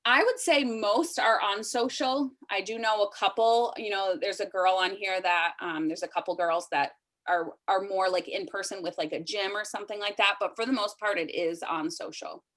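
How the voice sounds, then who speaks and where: A woman's voice: mid-range voice, moderate pace, a bit bright. Emotional woman giving an urgent pep talk. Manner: emotional, urgent, pleading with listeners. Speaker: team leader hosting a sales team call. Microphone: video call.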